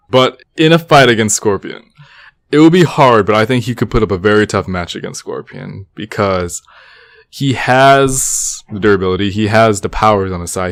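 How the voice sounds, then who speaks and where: A young man with a lowish voice chatting on a podcast, recorded dry and close. He hedges often and pushes back in an easygoing, joking way. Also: no echo. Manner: easygoing, hedging, protests playfully. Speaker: podcast co-host. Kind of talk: casual podcast chat.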